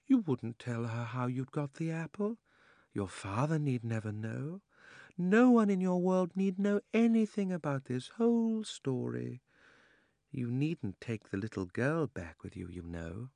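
Cunning witch queen, read by a guy, coaxing then scornful, swoopy lively pitch, dry close sound. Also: a little slow, no room sound, exaggerated voice. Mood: sweetly persuasive. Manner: coaxing, scornful, sometimes sinking to a whisper. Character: cold tempting sorceress queen, fierce and cunning. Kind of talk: audiobook reading.

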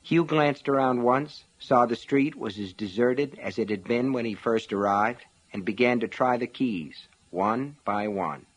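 A man reading a novel aloud in a measured, dramatic narration style. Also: mid-range voice. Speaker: audiobook narrator. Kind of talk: scripted narration.

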